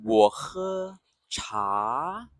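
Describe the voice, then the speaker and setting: Man, pronunciation teacher, very slow drilling, animated pitch, dry close recording. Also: dry recording. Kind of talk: slow, deliberate lesson drilling sounds for repetition.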